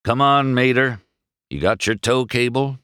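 A man voicing a dry, wise old male car with flat, wry remarks. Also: mid-range voice, a little slow, clean tone, no room sound, voice pushed up.

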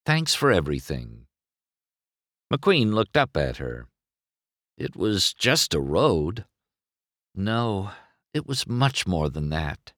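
Male storybook narrator, deep-set voice, very animated pitch, dry close recording. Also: dry recording. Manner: expressive, unhurried storytelling. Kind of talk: reading a children's storybook aloud.

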